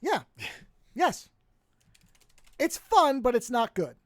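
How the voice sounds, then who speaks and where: Lively, animated podcast co-host. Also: high-pitched, takes it slowly, no echo. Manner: animated, rambling, frequent restarts. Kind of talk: casual podcast chat.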